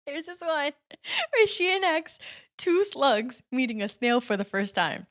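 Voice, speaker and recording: A woman's voice: high voice, sing-song, measured pace, fairly bright tone. A woman hosting a podcast in casual chat, rambling off on tangents and giggling. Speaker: podcast host.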